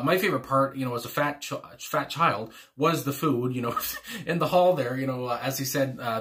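A man's voice: mid-range voice, sharp tone. A man talking casually through his reaction to a song, rambling with lots of fillers and frequent chuckles. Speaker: music reaction host.

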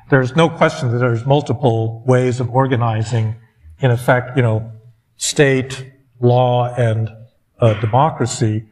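A man's voice: mid-range voice, a little mellow. A man on an academic panel, speaking in a thoughtful, hedging way and restarting his thoughts as he works through an argument.

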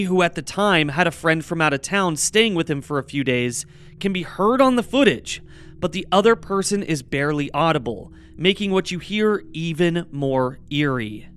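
A man co-hosting a true crime podcast, reading in a measured, scripted way. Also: a little high, fairly bright tone, smooth. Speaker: podcast co-host.

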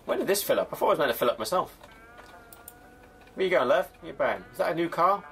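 A man's voice: mid-range voice, expressive, quick pace, vocal fry, pauses often, a bit bright. A young man commentating a game with jokes, chatting to customers in a mock shopkeeper voice. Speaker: gaming YouTuber. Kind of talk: comedic gameplay commentary.

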